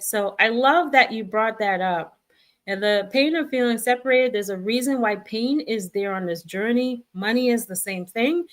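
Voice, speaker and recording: A middle-aged woman hosting a casual spiritual guidance talk, speaking reassuringly to her viewers and acting out the voices in their heads. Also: fairly high pitch. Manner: warm, reassuring, acts out viewers' inner voices.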